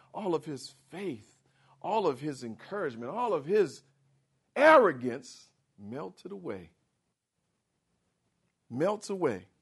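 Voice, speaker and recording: Brief: male preacher, theatrical, high and lively, slow and deliberate delivery. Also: breathy edge. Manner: animated and theatrical, acts out the characters. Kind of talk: sermon.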